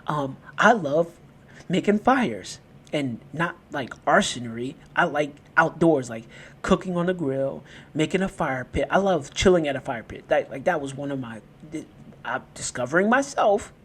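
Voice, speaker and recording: Husky-voiced man giving a motivational talk. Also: on the high side, expressive, normal speed, a bit bright. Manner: conversational, repeats and restarts phrases while telling stories. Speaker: podcast host.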